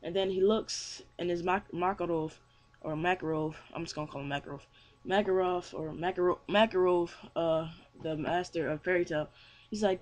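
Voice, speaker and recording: A man's voice: high-pitched, steady tone, brisk. A young man casually reviewing a manga chapter, rambling with many fillers and restarts. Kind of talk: casual chat.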